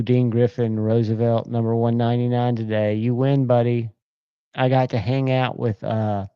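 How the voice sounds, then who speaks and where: A man with a smooth, mellow voice hosts a relaxed livestream, rambling along in an upbeat, enthusiastic way. The sound is dry and slightly muffled. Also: medium pitch, no echo. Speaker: livestream host. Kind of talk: casual chat.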